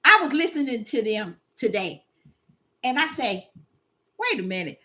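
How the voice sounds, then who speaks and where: A woman giving animated, preachy casual commentary to her viewers, often repeating words and using fillers. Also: a little high, normal speed.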